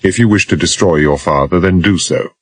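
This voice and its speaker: A man's voice: low voice, brisk, no room sound, voice pushed up. A man voicing a cocky young adventurer who talks wryly and teasingly in an audiobook. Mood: firm. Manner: wry, teasing, quietly menacing.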